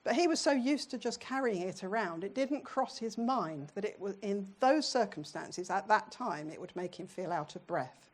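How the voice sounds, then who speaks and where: A woman's voice: mid-range voice, lively intonation, moderate pace, few pauses. A middle-aged British woman preaching a sermon in a church, in a conversational way, often putting questions to her congregation.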